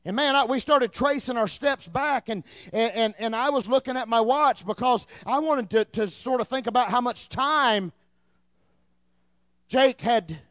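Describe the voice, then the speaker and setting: A man in his thirties preaching a sermon in church, telling a story in an animated way and repeating words as he gets excited. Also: very high-pitched, measured pace, no echo, studio quality. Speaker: pastor.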